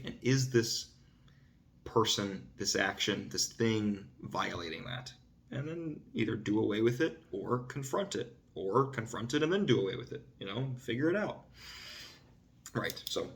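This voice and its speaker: A man hosting his own vlog, talking casually about self-improvement and often asking "right?" and saying "dude". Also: creaky. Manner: gets louder and higher when making a point. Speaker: vlog host. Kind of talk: casual self-help monologue.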